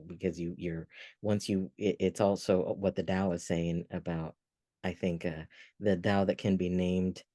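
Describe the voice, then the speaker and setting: A man with a very low, dark voice muses slowly through his ideas, often circling back and restarting. He sounds like a reflective podcast co-host. The sound is dry and close. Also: no echo. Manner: musing, thinks aloud with restarts. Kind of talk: reflective casual conversation.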